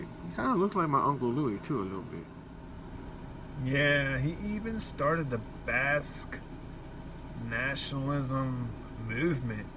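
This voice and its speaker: A man in his forties talking casually in a response video, animated and chatty with drawn-out emphasis. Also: medium pitch, noisy background. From Puerto Rican heritage. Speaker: vlogger. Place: indoors at home.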